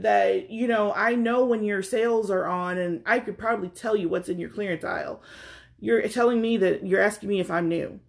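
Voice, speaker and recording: A woman's voice: mid-range voice, vocal fry. A middle-aged woman in a casual chat, animatedly retelling a frustrating errand and mimicking the other people's lines with exasperation.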